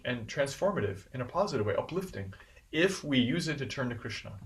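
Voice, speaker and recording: A man giving a devotional scripture class in an earnest, animated way, repeating phrases for emphasis. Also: mid-range voice, far from the mic.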